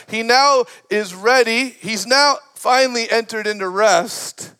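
A man preaching a sermon with passion, rising to shouts and dropping in short laughs between points. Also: very high voice, a little slow, few pauses. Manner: impassioned preaching that builds to shouts. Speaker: pastor.

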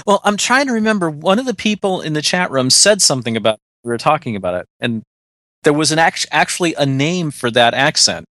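A man's voice: a little high, very animated, a little fast, fairly bright tone, dry recording. An American man co-hosting a podcast, talking at length in casual chat and laughing often. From United States. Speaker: podcast co-host.

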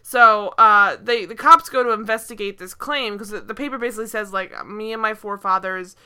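Young female co-host, bright, animated, casual recap chat with frequent laughter. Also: medium pitch, a little fast, clean tone. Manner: animated, laughing, exasperated, many fillers. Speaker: podcast co-host.

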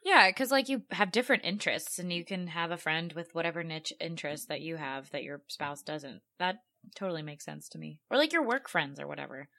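A woman's voice: deep voice, expressive, fairly quick, gravelly, pushed and bright, no echo. A woman co-hosting a casual chat, agreeing easily and guessing freely.

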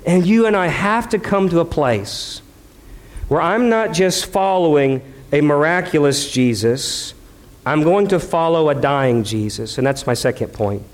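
Pastor guy preaching, kinda high voice, dramatic, acts out every quote. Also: animated, unhurried. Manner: conversational preaching with rhetorical questions. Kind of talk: sermon.

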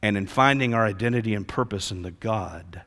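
A male pastor preaching a sermon, swinging between loud emphasis and hushed lines. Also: lowish voice, fairly quick. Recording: long reverb of a large hall.

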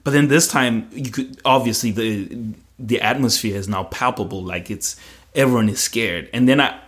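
A man's voice: medium pitch, normal speed, fairly bright tone. A man telling a personal story in conversation, retelling it vividly in the present tense with frequent fillers. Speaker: guest.

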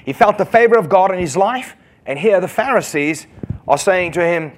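A man preaching a sermon in an animated way, often putting questions to the congregation. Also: high voice. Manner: animated, asks the congregation questions, quick bursts.

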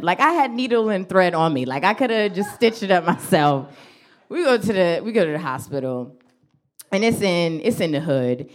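A woman comedian, telling a personal story on stage and acting out her own lines with laughs. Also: moderate pace. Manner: animated, acts out her own quotes with big pitch jumps and laughs. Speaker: stand-up comedian. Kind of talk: live stand-up storytelling.

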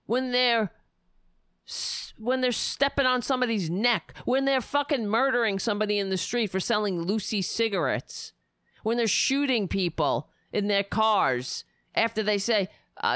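A woman delivering angry, sarcastic political commentary, ranting heatedly with profanity and sudden loud bursts. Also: mid-range voice, a little slow, no echo, clean studio sound.

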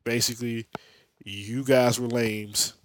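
A man's voice: medium pitch, little pitch movement, takes it slowly, slight background noise. A man hosting a podcast, giving a rambling, profane, slang-filled recap of a comic book. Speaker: podcast host. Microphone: podcast mic.

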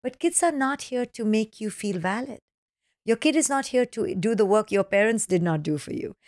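A woman being interviewed as a parenting author, explaining ideas with acronyms and lively acted-out quotes. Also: mid-range voice, normal speed, no room sound, clean studio sound. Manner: animated, acts out children's voices in quotes. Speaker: parenting author, podcast guest. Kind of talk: podcast interview.

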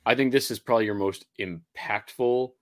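A man's voice: fairly low pitch, moderate pace. A man co-hosting a podcast, chatting and analyzing football picks, with fillers and repeated words. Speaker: podcast co-host. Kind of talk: casual sports podcast chat.

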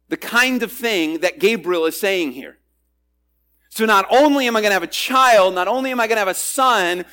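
A male pastor with a high-sitting voice preaches a sermon expressively, swinging from loud emphasis to quiet asides.

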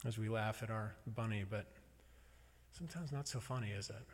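A man's voice: on the low side, normal speed. Reflective male preacher in a reverberant hall. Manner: conversational, wry and reflective. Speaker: pastor. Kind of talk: sermon. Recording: long reverb of a large hall.

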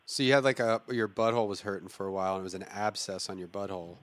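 A man's voice: lowish voice, rapid-fire, dry recording. A man riffing and reacting in casual podcast chat. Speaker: podcast co-host.

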